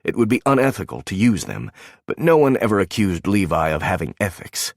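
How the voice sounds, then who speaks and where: Male romance audiobook narrator, low voice, dry close-mic read, measured delivery. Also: very animated, vocal fry, no room sound.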